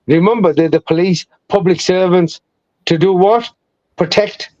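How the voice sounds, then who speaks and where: A British man talks through his advice in an earnest, coaching way on a live chat. His voice sits a little high and comes over a dull, lo-fi line that sounds dry and close. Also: measured pace, darkish tone, no room sound. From United Kingdom. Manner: earnest, advising.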